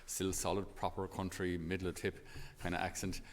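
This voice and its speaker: A man's voice: sits low, little pitch movement, normal speed, in a large hall, a little hiss or hum. An Irish man, a priest, giving a homily in a chatty, storytelling way with many fillers.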